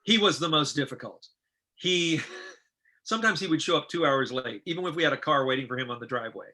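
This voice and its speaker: A middle-aged man, a film director, telling casual stories in an interview and acting out what others said in lively voices. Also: a little high, fairly quick. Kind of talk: casual anecdotal storytelling.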